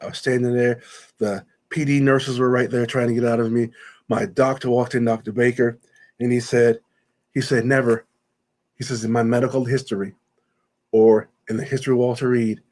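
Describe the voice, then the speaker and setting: A man's voice: medium pitch, darkish tone. A man as a guest, telling an emotional personal story and retelling conversations in quoted speech, choked up at times.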